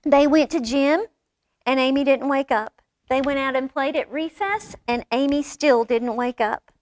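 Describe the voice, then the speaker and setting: Female storyteller, children's read-aloud, animated, slightly high voice, close dry sound. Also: measured pace, no echo. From United States. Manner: expressive, animated character voices. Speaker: librarian reading a storybook aloud.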